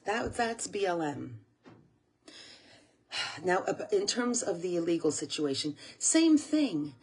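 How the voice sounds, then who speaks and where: Talking slowly in a low, husky, very animated voice, a US channel host delivers a tearful monologue to camera. She's earnest and keeps repeating phrases.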